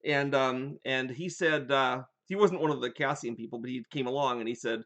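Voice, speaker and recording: An older man hosting a casual live chat, telling animated stories from his gaming sessions. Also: mid-range voice, moderate pace. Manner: animated storyteller, rambling with restarts.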